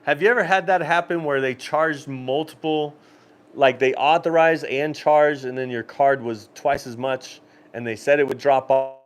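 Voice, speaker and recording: Man, mid-pitch, easygoing live-stream host, rambles and laughs through stories. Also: fairly even intonation, moderate pace, clean tone. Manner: rambling storyteller, frequent laughs and restarts. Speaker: cruise channel host. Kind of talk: casual live-stream chat.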